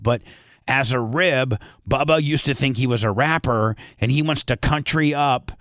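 A man's voice: medium pitch, moderate pace, fairly bright tone, no echo. A man hosting a radio show, rambling through casual studio talk with lots of restarts and half-sung rap lyrics. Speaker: radio host.

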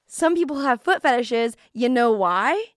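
A woman co-hosting a podcast in casual chat, playful and quick to tease, giggling often. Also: fairly high pitch, animated, no echo, clean studio sound. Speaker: podcast co-host.

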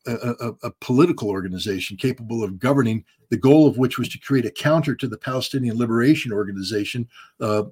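A man answering interview questions bluntly, often repeating words and filling pauses as he searches for his phrasing. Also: mid-range voice. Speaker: guest commentator.

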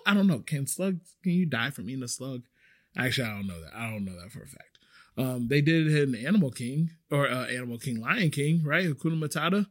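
A man hosting a podcast, telling a story in a chatty, animated way, full of fillers and the odd swear. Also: medium pitch, a little fast. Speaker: podcast host. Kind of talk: casual storytelling.

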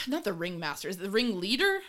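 Bright-voiced woman ranting about a film. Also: medium pitch, moderate pace. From of Irish descent. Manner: animated, exasperated ranting with swearing and mocking voices. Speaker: podcast co-host. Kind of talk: casual movie-review chat.

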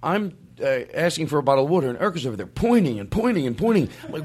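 Fast-talking animated male podcast host. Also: a little high, breathy edge. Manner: animated, self-aware, jumps into mock voices. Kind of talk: rambling comedy podcast chat.

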